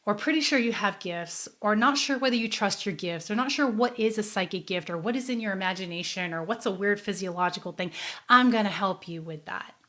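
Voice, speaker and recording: A middle-aged woman hosting her own show as a psychic medium, telling her life story to viewers. She talks casually and earnestly at a middle pitch, with an emotional pull and a softer, quieter voice when she recalls sad memories. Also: brisk. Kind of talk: casual personal storytelling to a live audience.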